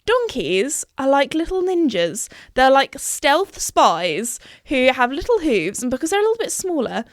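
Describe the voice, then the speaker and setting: A woman's voice: high voice, sing-song, unhurried, no echo, studio quality. A woman in her twenties hosting a podcast, telling rambling stories in casual, chatty talk. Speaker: podcast host. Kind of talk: casual chat.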